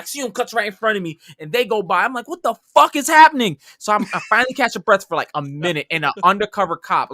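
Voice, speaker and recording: Young new york guy on a podcast, bright punchy voice, a bit high, cursing and acting out every reaction, casual storytelling. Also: dry recording, studio quality. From New York City area. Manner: animated, swearing, acts out his own reactions. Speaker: podcast co-host.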